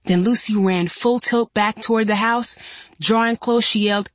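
Woman audiobook narrator, steady and measured, dry close studio sound. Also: on the high side, dry recording. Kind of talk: first-person audiobook narration.

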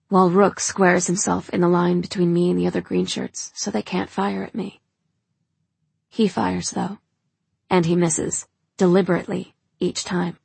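Husky woman narrating an audiobook. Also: mid-range voice, darkish tone, dry recording. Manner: tense, breathless storytelling. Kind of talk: first-person audiobook narration.

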